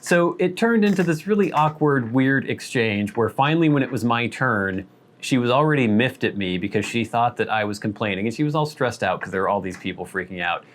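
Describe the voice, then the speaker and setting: Man, lowish voice, casual storytelling, wry, rambling, self-deprecating. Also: a little fast. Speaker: vlog host.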